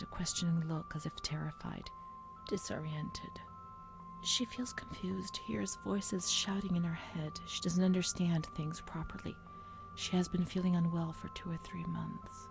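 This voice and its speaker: A woman voicing a haunted young woman recalling her asylum records, speaking in a whispered role-play, hushed and unsettled. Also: lowish voice, gravelly.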